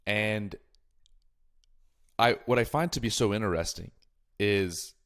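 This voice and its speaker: A man hosting a casual podcast, talking in an animated, jokey way and drifting into tangents. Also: on the low side, slow.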